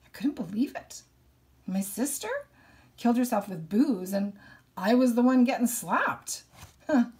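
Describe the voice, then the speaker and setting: A woman's voice: a little high, darkish tone. A woman reading a novel aloud and explaining it thoughtfully between passages.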